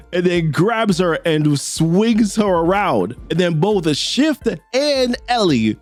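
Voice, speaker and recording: Animated, slangy man recapping comics. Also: sits high, slow pace, no room sound, soft background music. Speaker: comic book recap host. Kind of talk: casual comic recap narration.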